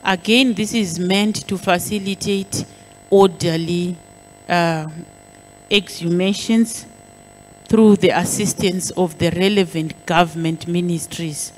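A woman government official giving a formal public address, speaking in a deliberate, measured way with frequent pauses and stressed key words. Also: lowish voice, low-quality recording.

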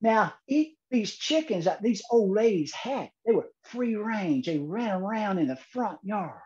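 A man giving a humorous keynote speech, telling a story deadpan with dramatic pauses. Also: high-pitched, lo-fi sound. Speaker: keynote speaker.

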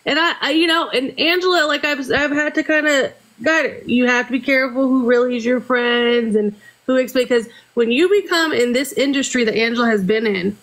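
Woman, high voice, earnest and halting, casual chat. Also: fairly bright tone. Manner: earnest, halting, starts over often.

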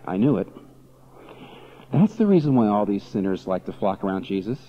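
A male pastor preaching with a lively, swooping delivery, his pitch rising and falling as he throws out rhetorical questions. The recording is dull and lo-fi, with the top end muffled. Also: quick pace, slight background noise. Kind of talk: sermon.

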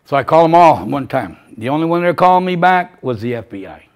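Older man giving halting, emotional testimony. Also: a little high, very animated, smooth. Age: 70s. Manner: emotional, halting, repeats phrases. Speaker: victim's father giving testimony. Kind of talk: personal testimony to a class.

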